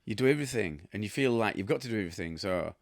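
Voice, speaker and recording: A man's voice: lowish voice, animated, rapid-fire, no room sound, studio quality. A man in his fifties with a Yorkshire accent, hosting a casual chat and telling rambling, blunt stories with a chuckle. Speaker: host.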